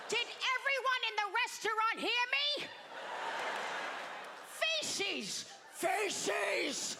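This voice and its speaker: A woman voicing a bossy, nagging old grandmother in a stand-up bit, blunt and shrill. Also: very noisy, heavily acted. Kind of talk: stand-up act-out.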